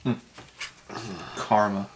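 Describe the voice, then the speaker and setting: A woman opening card packs, calling out the cards she pulls in a matter-of-fact way. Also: very slow. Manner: matter-of-fact, mostly lists pulled cards. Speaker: card pack opener, co-host. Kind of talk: casual chat while opening card packs. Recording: noisy with wrapper crinkling.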